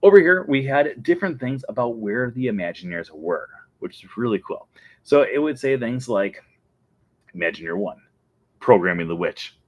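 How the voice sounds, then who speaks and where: A man's voice: medium pitch, lively intonation, normal speed, dry recording, dull audio. A man hosting a casual fan show, talking enthusiastically and laughing often. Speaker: host. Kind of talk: casual chat.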